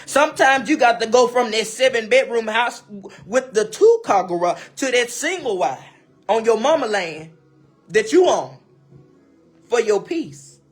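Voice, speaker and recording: A woman talks straight into her live stream with a husky, slightly breathy voice, pressing her advice on listeners in repeated, emphatic phrases. She calls her audience baby, and soft music plays faintly behind her. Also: on the high side, very animated, a little slow. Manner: speaks to viewers directly, calls them baby. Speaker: livestreamer. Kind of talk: casual live-stream monologue.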